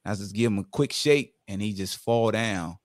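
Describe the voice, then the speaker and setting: A man from Virginia, a podcast guest telling football stories in a casual, lively way. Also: lowish voice, moderate pace, no echo, clean studio sound. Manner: lively storyteller who acts out what others said. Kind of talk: casual storytelling interview.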